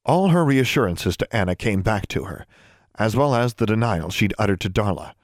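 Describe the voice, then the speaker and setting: A man narrating a fantasy audiobook in a steady, measured reading. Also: on the low side, dry recording, clean studio sound. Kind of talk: scripted story narration.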